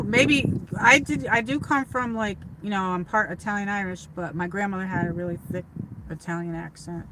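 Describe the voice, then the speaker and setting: A woman's voice: fairly low pitch, background noise. A woman from upstate New York chatting casually to her livestream viewers from her car, rambling with lots of fillers and restarts. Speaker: livestream host.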